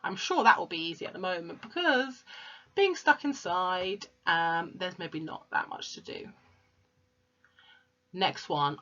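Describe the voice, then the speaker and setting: A woman teaches a home-learning lesson, speaking slowly and patiently as if to young children. Her voice sits a little low but sounds bright and forceful. The recording is dull and lo-fi. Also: lively intonation. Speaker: primary school teacher.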